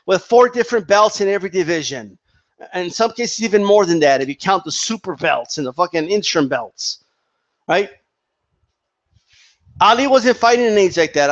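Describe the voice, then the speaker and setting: In a muffled recording, a high-voiced man delivers angry, foul-mouthed boxing commentary. He keeps restarting sentences mid-rant in this commentary vlog.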